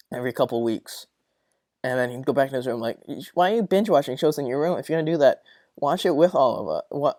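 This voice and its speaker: A man's voice: mid-range voice, darkish tone, dry recording. Profane, exasperated young man ranting. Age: young adult. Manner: profane, rambling, exasperated venting. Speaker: podcast host. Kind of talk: casual solo podcast rant.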